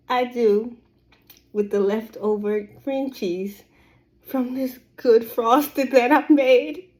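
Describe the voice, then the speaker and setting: A woman's voice: fairly high pitch, steady tone, takes it slowly, a little mellow. A young woman hosting a home cooking vlog, overcome with emotion and laughing through her words as she chats to her viewers. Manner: uses y'all, chatty and playful. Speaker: home cooking show host. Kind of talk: casual cooking vlog chat.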